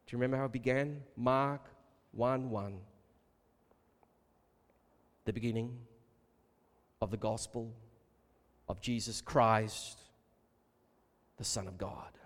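A man preaching a sermon, emphatic and rhetorical, calling his listeners beloved and building to loud repeated questions. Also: mid-range voice, steady tone, takes it slowly, long pauses. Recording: long reverb of a large hall.

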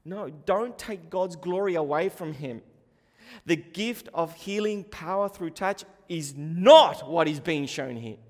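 A man, letting his words ring through a church hall with a long echo. He speaks slowly, dropping to a hush and then building to fervent emphasis. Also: a little high. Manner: swings from hushed to fervent, rising preaching. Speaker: preacher. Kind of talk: sermon.

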